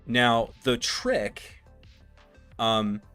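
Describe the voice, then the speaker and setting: A man hosting a live-streamed tech tutorial, reading verse with big swells and soft drops, then chatting casually while he works. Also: medium pitch, sing-song, drawn-out words, no echo, soft background music. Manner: reads verse expressively, swelling loud then sinking soft; casual, thinks aloud with fillers while working. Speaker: livestream host teaching tech setup.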